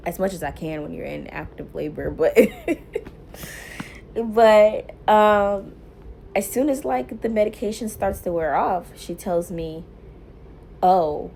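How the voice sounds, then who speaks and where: A young woman vlogger telling a personal story casually to camera, animated and laughing often, quoting herself loudly. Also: fairly low pitch, vocal fry, a little hiss or hum. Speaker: mom vlogger.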